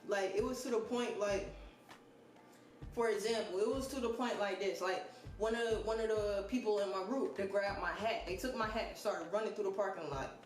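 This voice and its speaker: A man's voice: sits high, fairly even intonation, normal speed. Profane, joking young man telling a story. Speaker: vlogger. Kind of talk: casual storytime monologue. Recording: roomy echo with faint music.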